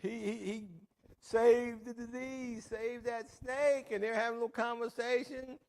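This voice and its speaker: A middle-aged man hosting a recovery meeting in a jail, telling stories in a lively, joking, plainspoken way. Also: extremely high pitch, unhurried, very echoey, distant mic. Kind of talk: motivational storytelling to inmates.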